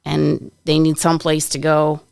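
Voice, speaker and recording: Podcast co-host, woman, heavy vocal fry, dry close sound, plainspoken. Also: sits low, completely flat delivery, measured pace, darkish tone, dry recording. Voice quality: gravelly. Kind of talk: casual chat.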